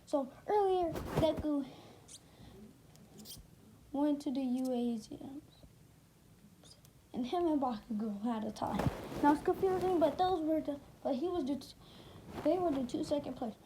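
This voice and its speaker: A woman's voice: sits high, expressive, a little slow, pauses often, warm tone, slight background noise, poor audio. A woman casually narrating a fan story, rambling and forgetting details.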